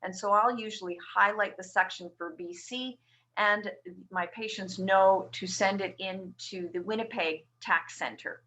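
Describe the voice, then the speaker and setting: A woman's voice: medium pitch, measured pace, sharp tone. A woman nurse from Canada presenting a webinar, explaining a tax form step by step to patients. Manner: explanatory, walks through form slide by slide.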